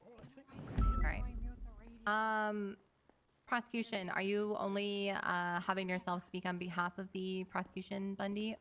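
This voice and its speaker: A woman playing a judge in a game roleplay, speaking in a hesitant, halting way with restarts. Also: medium pitch, flat delivery, a bit bright. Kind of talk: in-character roleplay over game voice chat.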